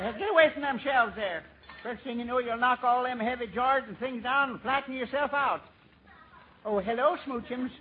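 An actor playing a goofy small-town man who sweet-talks a widow, in folksy 1940s radio comedy style. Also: extremely high pitch. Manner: folksy, giggly, shouts at a turkey. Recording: tinny scratchy 1940s radio recording.

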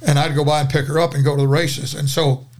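A man's voice: fairly high pitch, level tone, quick pace, a little mellow. An older man, a guest preacher, telling a dramatic story in a folksy, rambling way during a podcast conversation.

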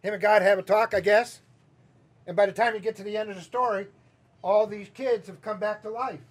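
Husky high-voiced preacher. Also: male voice, fairly quick. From Southern US. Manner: animated storytelling, acting out quoted voices. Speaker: pastor. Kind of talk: sermon. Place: church sanctuary.

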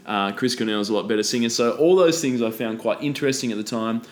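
A man's voice: mid-range voice, quick pace. A man in casual podcast chat, talking bluntly and with plenty of swearing. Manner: blunt, profane, opinionated.

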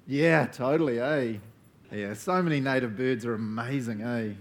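A man in his thirties with a New Zealand accent, leading a relaxed church talk and prayer, chatty and often tagging his sentences with "eh?". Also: mid-range voice, normal speed. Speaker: church leader. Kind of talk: casual sermon with group discussion. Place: church gathering.

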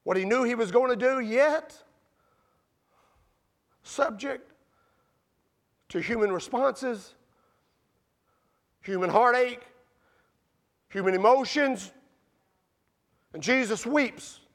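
A man preaching a sermon with a very high, gravelly voice. He talks conversationally and keeps asking his congregation questions. He builds to shouts and then sinks to quiet, hushed stretches. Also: slow pace, pauses often. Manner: animated, shouting peaks then dropping low and quiet. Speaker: pastor.

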